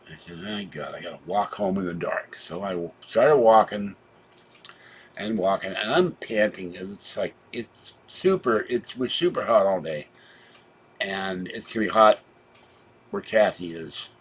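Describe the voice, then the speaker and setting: A man with a husky, slightly low voice, recounting his day in a long, rambling monologue. He sounds worn out and drifts between quiet asides and sudden loud outbursts, with a chatty, meandering delivery. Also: lively intonation, a little slow. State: tired, low on energy. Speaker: vlogger. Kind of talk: rambling personal storytelling.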